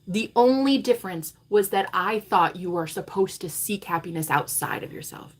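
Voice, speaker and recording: A woman in her thirties, a spiritual coach, talking to her vlog viewers in a dramatic, swearing monologue that swings between loud declarations and hushed asides. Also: lowish voice, fairly quick, hardly any pauses. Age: 30s.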